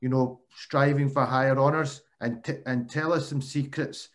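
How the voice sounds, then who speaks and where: A man with a mid-pitched voice hosts a casual interview. He talks in a friendly way and calls his guest mate. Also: steady tone, normal speed. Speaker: podcast host.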